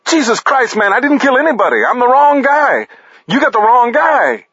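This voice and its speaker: Guy doing a freaked out dude begging for his life, voice way up high, husky, dry close sound. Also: big pitch swings, normal speed, bright, forceful tone, dry recording, dull audio, full character voice. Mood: panicked. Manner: frantic, pleading, wailing. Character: terrified young man cornered at gunpoint.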